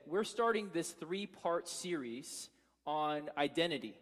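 A man's voice: on the high side, animated, measured pace, fairly bright tone, in a large hall. A man in his thirties preaching a sermon as pastor, telling stories casually with many fillers and restarts.

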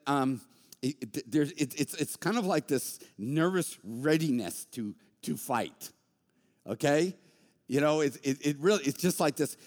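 A man preaching a sermon as a pastor, animated and conversational, with joking asides. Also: mid-range voice, big-room sound. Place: church sanctuary.

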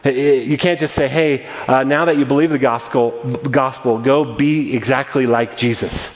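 A man giving a sermon as pastor, earnest and animated, often restarting his words. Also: mid-range voice, moderate pace. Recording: long reverb of a large room.

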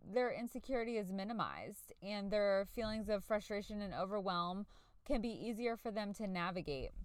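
A woman's voice: mid-range voice, smooth, no echo. A woman in her forties hosting a solo podcast, talking in a chatty, earnest way. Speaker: podcast host. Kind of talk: casual solo podcast talk.

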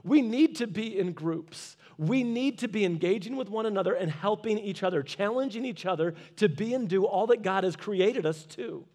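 Pastor, male, high for a man, earnest exhorting sermon delivery with storytelling. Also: moderate pace, hardly any pauses, darkish tone. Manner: earnest, exhorting, repeats short commands.

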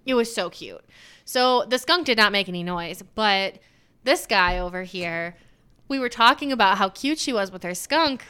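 A woman co-hosting a podcast, telling a home story in a casual, animated way and swearing now and then. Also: mid-range voice, normal speed, clear, resonant tone. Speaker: podcast co-host. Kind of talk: casual chat.

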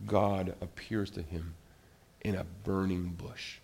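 With a low voice, a slow pace and some vocal fry, a man leads children's church. He brings a Bible story to life, asking the kids questions and naming who should answer.

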